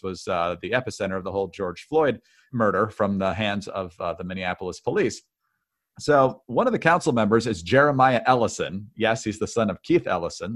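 A man's voice: fairly low pitch, a bit bright. A man co-hosting a political podcast, talking in a dry, conversational way with frequent fillers. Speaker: podcast co-host. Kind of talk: political commentary chat.

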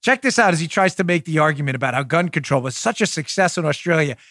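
A man with a fairly high voice delivers a forceful, combative monologue as a show host. He drags out key phrases for emphasis. The sound is dry and close on a studio mic. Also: animated, no room sound. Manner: emphatic, combative, drawn-out punchlines. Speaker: podcast host. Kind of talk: opinionated monologue.

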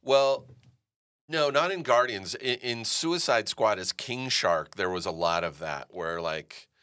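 A man's voice: lowish voice, a little slow, a bit bright. A man being interviewed as an actor, telling stories animatedly and swearing freely. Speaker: actor guest. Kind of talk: casual interview storytelling.

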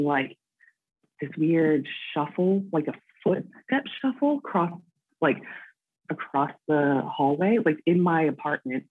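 A chatty American woman calling in, her voice low-pitched and a little husky. She fills her talk with "like" and "um", heard over a tinny, dry phone line. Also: no room sound. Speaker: caller. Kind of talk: casual phone chat.

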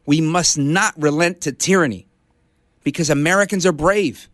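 A man's voice: on the high side, moderate pace, fairly bright tone, no echo, studio quality. A middle-aged man from Brooklyn hosting a conservative talk radio show, delivering an impassioned, rallying monologue. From Brooklyn, New York. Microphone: studio broadcast mic.

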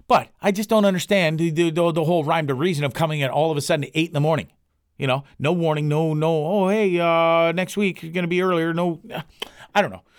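A man's voice: fairly high pitch, quick pace, dry recording. Man, middle-aged, solo podcast host, foul-mouthed rambling rant, dry close sound. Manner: profane, ranting, rambling. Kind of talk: casual rambling monologue. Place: home recording for a podcast.

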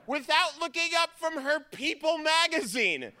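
A man performing a stand-up comedy set, telling family stories in an animated way and acting out their voices. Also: sits high, moderate pace. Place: theater stage.

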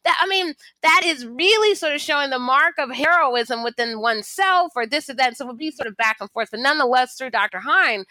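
Bright animated woman telling stories. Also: high voice, fairly quick, few pauses, no echo. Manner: animated storytelling, acts out quoted voices. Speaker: historian and author, interview guest. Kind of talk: conversational interview answers.

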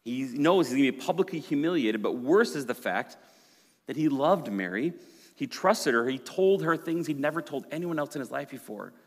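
A male pastor preaching a sermon in a conversational, storytelling way, swinging from loud to hushed. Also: medium pitch, lively intonation, normal speed, husky. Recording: long hall reverb.

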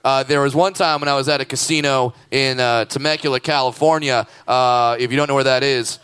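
A man co-hosting a live comedy podcast on stage, riffing loudly with crude jokes and lots of filler words. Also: medium pitch, fairly even intonation, brisk, clear, resonant tone, no room sound. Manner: loud joking riffs, frequent filler words. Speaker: podcast co-host.

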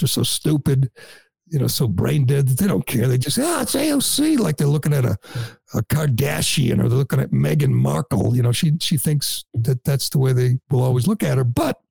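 Gravelly, sarcastic talk radio man. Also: mid-range voice, warm tone, no room sound. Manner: sarcastic, mocking. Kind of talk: opinionated talk radio commentary.

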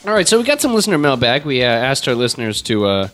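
A man's voice: medium pitch, very animated, fast, fairly bright tone, faint music behind. Rambling, jokey male podcast host. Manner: rambling, jokey, lots of fillers. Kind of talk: casual chat.

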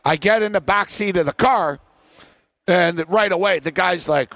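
A high-pitched man hosts a sports betting talk show, telling a story with animated energy and plenty of "uh" and "like." The sound is dry and close, with no room around it. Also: moderate pace, no echo. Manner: animated storyteller, many fillers. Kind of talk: casual chat.

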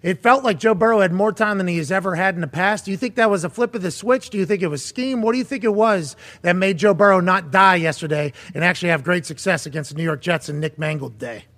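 Man, high voice, sports show host, profane, excitable banter. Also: fast talker, hardly any pauses. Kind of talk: casual sports talk show.

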